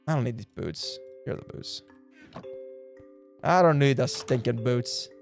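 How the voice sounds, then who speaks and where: A man streaming a game live, chatting casually and excitably, swearing and laughing often, and cooing at the animals he meets. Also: mid-range voice, a little slow, vocal fry, faint music behind. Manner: coos affectionately at in-game animals. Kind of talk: casual live gameplay commentary.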